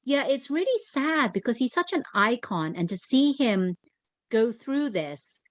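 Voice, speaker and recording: A woman co-hosting a casual chat show, explaining her thoughts in a relaxed, thoughtful way. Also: fairly high pitch, a little slow, dry recording. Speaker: co-host.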